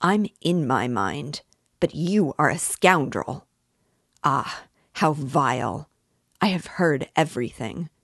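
A woman reading as an earnest young idealist, heated and insistent as he accuses someone to his face. The voice is low and dry, set close to the mic. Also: expressive, takes it slowly, fairly bright tone, no room sound, heavily acted. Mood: angry. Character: earnest, principled young man, hotly angry.

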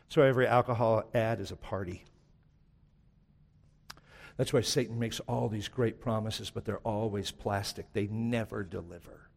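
A man preaching a sermon as pastor, shifting between driving emphasis and hushed, slow lines. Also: lowish voice, fairly even intonation, creaky. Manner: preaching with sudden drops to a hushed voice. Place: church sanctuary. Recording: long hall reverb.

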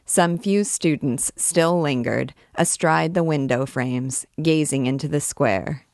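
A woman reading a classic novel aloud in a measured, expressive way as a guide to the book. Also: sits low, no room sound, clean studio sound.

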